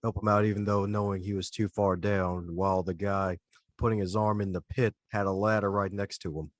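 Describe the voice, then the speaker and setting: Low-voiced podcast host man. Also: flat delivery, brisk, no echo. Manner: chatty, laughs often. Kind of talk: casual interview chat.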